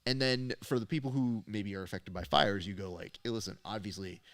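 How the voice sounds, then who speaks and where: A man with a low-set voice chatting easily as a show host. He talks at length, laughs often and slips into voices when he quotes people. The tone is relaxed and conversational. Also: fairly quick, dry recording. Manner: talkative, laughs often, acts out quoted dialogue. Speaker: podcast host and jiu-jitsu coach. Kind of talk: casual chat.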